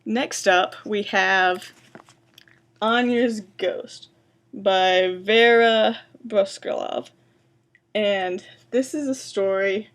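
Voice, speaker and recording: A woman giving a booktalk presentation, introducing books and reading excerpts aloud in a quiet, measured way. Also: mid-range voice. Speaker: library science student presenting books.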